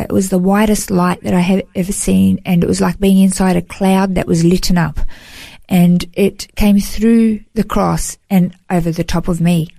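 Earnest woman, mellow voice. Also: on the low side, creaky, no room sound. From Australia. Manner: earnest, heartfelt, peppered with "you know". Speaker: guest sharing a personal testimony. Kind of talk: emotional first-person storytelling.

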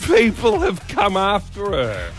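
A man's voice: high voice, takes it slowly, soft background music. A man co-hosting a radio show, talking in casual, joking banter. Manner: joking, animated storytelling.

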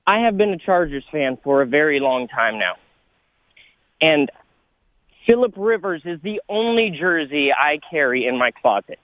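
A man calling a sports radio show from California, out of breath and arguing his points in an animated way. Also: a little high, dry recording. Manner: animated, argumentative, rapid points. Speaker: caller. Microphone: phone. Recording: tinny phone line.

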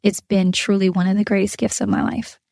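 A woman's voice: mid-range voice, little pitch movement, fairly quick, vocal fry, a little mellow, no echo, studio quality. A woman hosting a prayer podcast, speaking earnestly and from the heart, with some fillers and restarts. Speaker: podcast host. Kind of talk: prayer podcast, spoken prayer and reflection.

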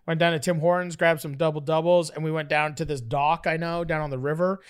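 A man's voice: on the high side, brisk, clear, resonant tone. A man from Canada, a podcast guest, telling rambling stories in casual chat and acting out voices along the way. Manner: rambling, animated, acts out voices in his stories. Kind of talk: casual storytelling.

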